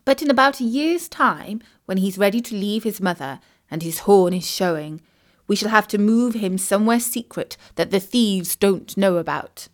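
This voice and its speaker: A woman voicing a calm, wise older great-aunt in a storybook, speaking gently and knowingly. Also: medium pitch, normal speed, close to an everyday voice. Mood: calm explaining.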